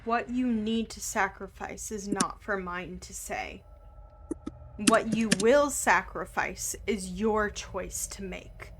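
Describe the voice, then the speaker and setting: A woman voicing a booming, cryptic oracle spirit in a tabletop game, speaking in slow, grave pronouncements. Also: noisy background. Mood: solemn.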